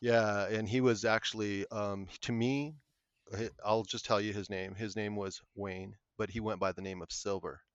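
A man, a podcast guest, telling a paranormal story in an earnest, halting way. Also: on the low side, fairly even intonation, clean tone, no echo. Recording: muffled lo-fi audio.

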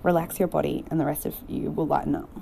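Brief: soothing young man, calm and coaxing, mellow and dark, voiced by a female reader. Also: low voice, quick pace, creaky, slight background noise. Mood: reassuring. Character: young man, gentle and reassuring.

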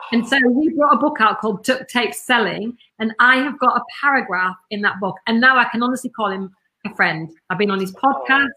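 A talkative businesswoman with a bright, forceful tone, full of blunt enthusiasm. She tells stories from her work in an easy, casual interview manner. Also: a little high, fairly quick. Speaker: marketing business owner, podcast guest.

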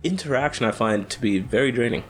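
A young man co-hosting a podcast in casual chat, animated and jokey, laughing often. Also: mid-range voice, fast talker, slight background noise. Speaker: podcast co-host.

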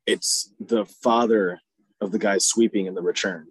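A man's voice: fairly low pitch, steady tone, a little slow, rough recording. A man co-hosting a podcast in casual chat, laid-back and wry, mostly agreeing. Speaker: podcast co-host.

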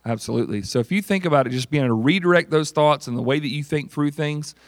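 A man gives a sermon, talking with the congregation as if in conversation and often asking them questions. His voice sits a little high for a man. The sound is dry and close, with almost no room echo. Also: fast. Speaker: pastor.

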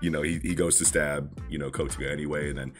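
Super deep voiced dude, chill podcast chat, swears a lot. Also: male voice, fairly even intonation, fast talker, soft background music. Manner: laid-back, lots of fillers and swearing. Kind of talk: casual chat about manga.

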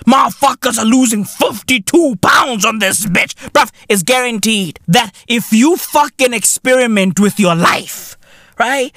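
A man with a South African accent, hosting a comedy show, delivering a profane, animated rant in heavy slang with shouted bursts. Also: very high-pitched, dry recording, studio quality. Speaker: comedy podcast host.

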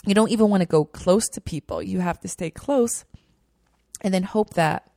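A young woman telling a personal story in a chatty, animated way, full of fillers. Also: lowish voice, moderate pace, no echo, clean studio sound. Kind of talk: casual storytelling.

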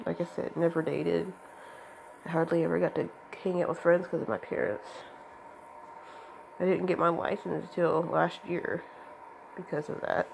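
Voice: medium pitch, vocal fry, slight background noise, poor audio. A young adult rambling hesitantly in a casual monologue to camera, with a voice cracking from allergies.

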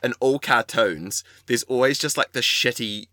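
New man, podcast co-host, bright tone, dry sound, loose chatty rambling. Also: medium pitch, moderate pace, no room sound. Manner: rambling, laid-back, crude humour. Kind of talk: casual banter.

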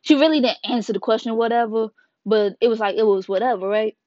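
A woman's voice: on the high side, a little mellow, dry recording. Slangy woman reviewing manga. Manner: slangy and playful, retells scenes with quick asides. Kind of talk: casual video review. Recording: dull lo-fi dry sound.

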